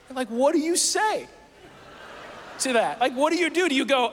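A man preaching a sermon, telling a story in a casual, self-mocking and animated way. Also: very high voice, normal speed, long pauses, big-room sound, a little hiss or hum. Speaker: pastor.

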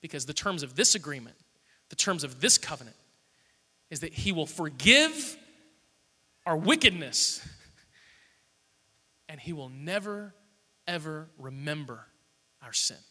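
A man in his thirties preaches to his congregation with a high, sharply bright voice. He tells stories with humor and warmth of delivery before turning to scripture, and his words ring out with a long reverb from the big church hall. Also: lively intonation, a little slow, pauses often. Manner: storytelling with humor. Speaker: pastor. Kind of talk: sermon.

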